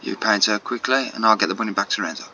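A man's voice: fairly low pitch, rapid-fire, sharp tone. A man voicing a polite young male game hero, reading the lines plainly and earnestly over a dull, slightly noisy recording.

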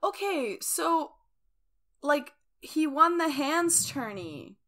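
A woman co-host gushes and laughs through a casual book chat. Her voice is bright and a bit high, with lively ups and downs in pitch. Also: slow. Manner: reactive, laughs a lot, exclaims. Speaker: podcast co-host.

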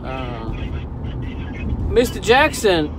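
High-voiced man mocking a caller, noisy background. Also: very animated, extremely slow. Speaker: YouTuber taking a scam call. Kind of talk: phone call.

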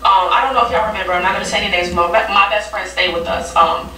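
A woman's voice: medium pitch, fast talker. A young woman vlogger, blunt and heated, telling a personal story in a casual storytime vlog. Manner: blunt, heated, animated retelling with quoted voices. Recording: far-off mic in an echoey room with faint TV noise.

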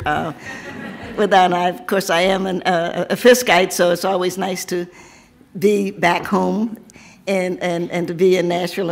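A seventy-year-old woman from Tennessee, hoarse from losing her voice, reading a poem and then chatting with laughing asides. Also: lowish voice. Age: 70s. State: hoarse, lost voice. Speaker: author. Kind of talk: poetry reading then casual talk.

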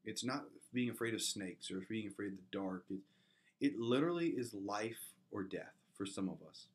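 A man's voice: on the low side, normal speed. A man preaching an earnest sermon as a pastor, building to emphatic peaks and often restarting his words.

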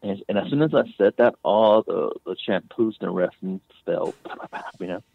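A man's voice: fairly low pitch, normal speed, creaky, slight background noise. A man, a guest author, telling a personal story in a rambling way, restarting often and leaning on "you know" and "man.". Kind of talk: casual storytelling. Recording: phone-like remote line.

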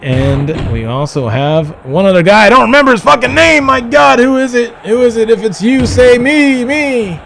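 Man, high voice, excitable wrestling play-by-play, profane, faint hiss behind. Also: normal speed, creaky, few pauses. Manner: excitable, profane, shouting calls. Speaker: livestream host.

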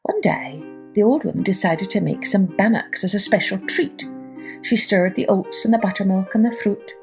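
A woman storyteller hosting a children's podcast, reading a folk tale aloud with great expression. Her voice rises and falls freely, and faint music plays softly behind her. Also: medium pitch. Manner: lively, expressive read-aloud.

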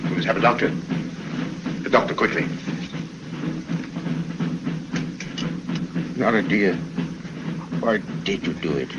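An actor playing a stern, commanding older brother who speaks in a firm, clipped way, in 1930s film acting on an old soundtrack with music. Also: male voice, on the low side, moderate pace, lo-fi sound, very noisy, close to an everyday voice. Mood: anguished.

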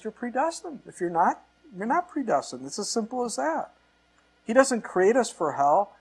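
A man's voice: fairly high pitch, husky. A man preaching a sermon as a pastor, quoting scripture and arguing through rhetorical questions. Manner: quotes scripture often, argues with rhetorical questions. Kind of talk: sermon Bible teaching.

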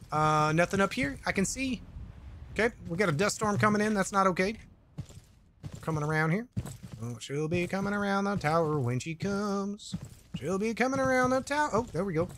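A man plays a game and chats into a desk microphone, his voice high and bright as it swings up and down. He rambles with jokey asides, curses freely and reads viewers' chat aloud. A faint hiss sits under the recording. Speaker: gaming YouTuber. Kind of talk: casual let's-play commentary.

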